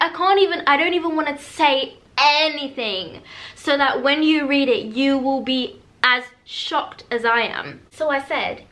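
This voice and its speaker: Excitable woman book vlogger. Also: high voice. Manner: excitable and dramatic, gushing. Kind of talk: casual reading vlog chat.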